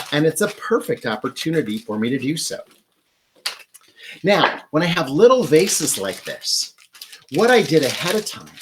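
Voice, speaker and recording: A florist hosts a flower-arranging demonstration in his home flower studio, teaching in an upbeat, enthusiastic way. His voice runs on the high side with a fairly bright tone, and there is a little hiss or hum.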